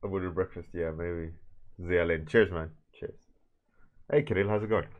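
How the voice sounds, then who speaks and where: A man's voice: sits low, normal speed, phone-quality sound. A man casually chatting with his livestream viewers while drawing, greeting them by name and trailing off mid-sentence. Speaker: streaming artist.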